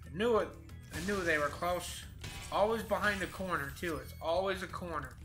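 A man in his twenties chats casually over his gameplay in a let's-play, rambling and swearing freely. His voice sits high and fairly bright, at a moderate pace, with faint music in the background.

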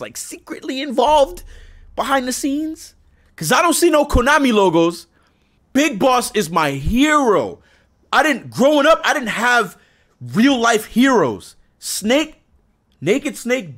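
Brief: young male reaction host, high and expressive, emotional and pleading. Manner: emotional, animated, swearing, pleading. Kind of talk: excited video reaction.

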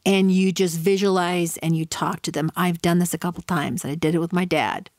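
A middle-aged woman hosts a faith-based talk show with a fairly low voice. She speaks earnestly and conversationally and stops now and then to reflect. The recording is dry and close, with no room sound. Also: fairly even intonation, moderate pace, dry recording. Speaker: podcast host.

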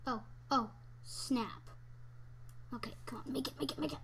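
Excitable high-voiced young woman gamer. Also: moderate pace, a little hiss or hum. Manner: excitable, yelps and squeals, sometimes whispers. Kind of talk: let's play commentary.

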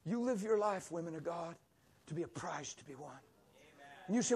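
High-voiced older man preaching animatedly. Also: fairly quick, long pauses. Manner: animated storytelling, swings from loud exclamations to soft near-whisper. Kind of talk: sermon. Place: church.

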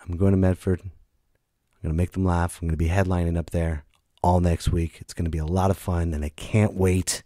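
A middle-aged man hosting a comedy podcast, telling a story as an animated storyteller who jumps into loud high put-on voices, just back from being sick. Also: a little fast, no room sound, studio quality.

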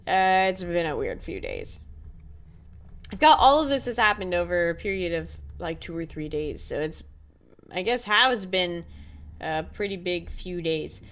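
Woman gaming host, casual wry commentary, slow-paced. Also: lowish voice, lively intonation, a bit bright. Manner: chatty, wry asides to viewers. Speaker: let's play host.

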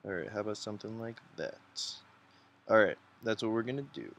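A man's voice: lowish voice, a little fast, fairly bright tone, slight background noise. A man hosting a casual drawing tutorial, chatty and encouraging, thinking aloud as he sketches. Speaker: art tutorial host.

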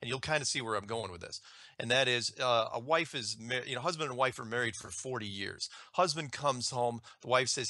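A man's voice: medium pitch, normal speed, sharp tone, no echo, studio quality. A man ranting in a casual spoken monologue, emphatic and indignant, often restarting his sentences as he argues through an everyday analogy.

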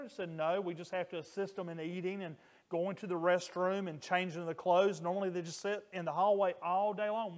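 Earnest high-voiced male pastor preaching. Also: fairly even intonation, a little fast. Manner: earnest, emphatic, raises voice on quoted screams. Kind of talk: sermon storytelling.

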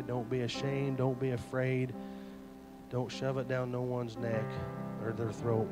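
A man, a youth pastor preaching an earnest, folksy sermon full of retold stories. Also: medium pitch. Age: 40s.

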